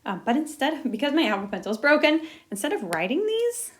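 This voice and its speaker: A young woman teaches a recorded lesson in a chatty, jokey way. Her voice sits a little high, and she mutters quiet asides to herself as she writes. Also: sing-song, brisk, a little hiss or hum. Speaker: Spanish teacher.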